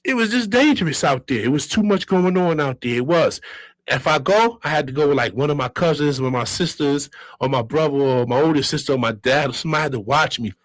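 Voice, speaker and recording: A man in his fifties from Brooklyn with a New York accent, telling stories as a guest in an animated, streetwise and profane way. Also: medium pitch, no echo, low-quality recording. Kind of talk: casual storytelling.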